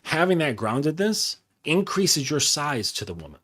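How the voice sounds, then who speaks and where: Husky-voiced man coaching casually. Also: fairly high pitch, very animated, normal speed, a bit bright. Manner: loose and conversational, full of fillers and swearing. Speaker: dating and masculinity coach.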